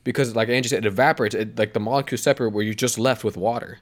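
A man's voice: mid-range voice, fairly even intonation, very fast. A young man on a podcast, chatting casually, wandering through a swearing-laced story full of tangents. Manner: rambling storyteller, swears often, trails off on tangents. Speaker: podcast co-host. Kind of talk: casual chat.

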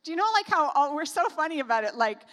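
A woman's voice: high voice, very animated, fast talker, fairly bright tone. A Canadian woman preaching a casual sermon, chatty and joking with lots of "like" asides. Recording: reverberant hall.

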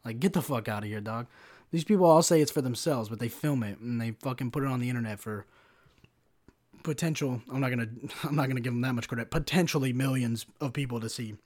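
A man's voice: mid-range voice, fast, a little mellow. A young man hosting a solo podcast rant, profane and sarcastic, constantly saying "bro" and "like". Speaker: podcast host.

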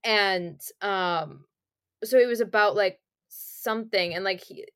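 A woman's voice: mid-range voice, slow pace, a bit bright. A woman co-hosting a podcast, chatting casually and rambling with many fillers as she recalls a book. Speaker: podcast co-host. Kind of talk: casual chat.

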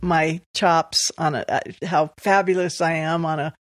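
A woman's voice: sits low, measured pace, no echo, studio quality. A woman from Southern California, a podcast guest, telling personal stories with frequent laughter. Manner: lively, laughs often while telling stories. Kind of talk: storytelling in conversation.

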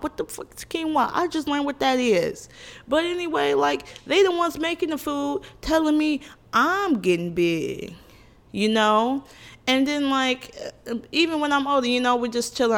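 A young woman vlogger telling funny stories about her family in a casual chat. She is animated and blunt, with exclamations, laughs and cursing. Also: fairly high pitch. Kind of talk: casual comedic storytelling to camera.

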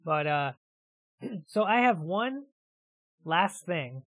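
A man with a slightly high-pitched voice co-hosts a casual podcast chat. He rambles, restarts and trails off into fillers. The sound is dry and close, with no room around it. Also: animated, very slow, fairly bright tone, dry recording. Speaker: podcast co-host.

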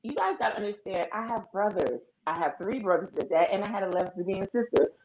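Animated woman telling stories, echoey room. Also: mid-range voice, a little fast, a little hiss or hum. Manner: animated storyteller, acts out phone calls in other voices. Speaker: podcast co-host. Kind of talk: casual chat.

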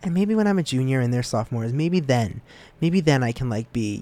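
A young man hosting a student podcast, talking casually on his own, rambling and joking at his own expense, with sudden upward leaps in pitch. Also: brisk. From United States. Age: young adult. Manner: rambling and self-deprecating, with lively jumps in pitch. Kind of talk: casual solo podcast monologue.

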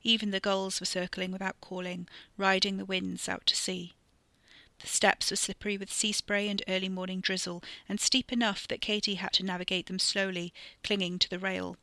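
Horror podcast narrator, steady measured read, drops to whispers sometimes, very bright sharp voice, dry close mic. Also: medium pitch, creaky, dry recording. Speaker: podcast storyteller. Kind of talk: scripted narration of a horror story.

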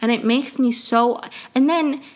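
A woman's voice: sits high, a little slow. Exasperated young woman ranting casually. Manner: exasperated, animated, swears, many fillers. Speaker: podcast host. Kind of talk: casual commentary rant.

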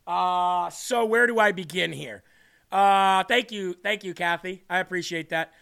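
Male podcast host, bright and high, earnest and a little teary while reading live chat. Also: unhurried, creaky, smooth. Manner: earnest, emotional, reads comments aloud. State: tearing up.

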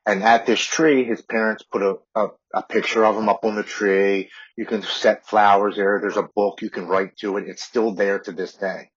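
A man's voice: lowish voice, steady tone, moderate pace, few pauses, slightly rough. A man in his forties, a podcast guest, earnestly telling a personal recovery story and often repeating words. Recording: dull lo-fi audio.

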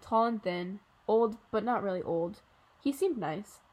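A woman's voice: mid-range voice, lively intonation, a little slow, a little mellow. Woman reading a children's novel aloud. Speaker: audiobook narrator. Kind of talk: scripted narration.

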